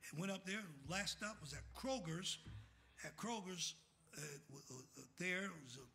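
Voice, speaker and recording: A middle-aged man preaching a fiery sermon as pastor. He calls out questions for the congregation to finish and swings from shouting to soft, quiet asides. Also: high-pitched, lively intonation, moderate pace, a little hiss or hum. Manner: calls out "what?" for the congregation to fill in scripture.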